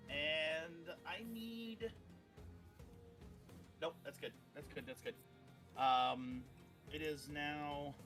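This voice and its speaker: A man narrating a tabletop game as game master, rambling with many ums and uhs. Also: a little high.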